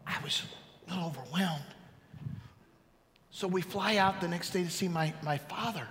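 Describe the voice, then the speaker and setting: A man in his fifties preaching a testimony-style sermon, his voice bright and forceful, a touch higher than most men. He swings between loud calls and hushed storytelling. The sound rings in a large church hall with a faint hum of ambience. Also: moderate pace. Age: 50s. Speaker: pastor.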